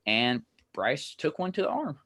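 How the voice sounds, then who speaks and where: A man's voice: on the high side, huge pitch swings, measured pace, pushed and bright. A young man co-hosting a podcast, telling a story animatedly and acting out what people said, with laughs. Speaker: podcast co-host. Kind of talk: casual storytelling.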